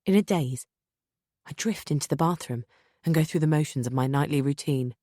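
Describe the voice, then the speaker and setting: Female audiobook narrator, low register, dry studio sound, tense measured reading. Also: warm tone, dry recording. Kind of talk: first-person thriller narration.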